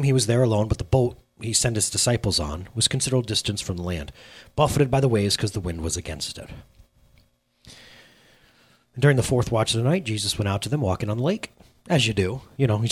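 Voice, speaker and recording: A man's voice: medium pitch, big pitch swings, quick pace, husky. A middle-aged man preaching a casual sermon to a live congregation, conversational and self-deprecating, asking the room questions. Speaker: pastor.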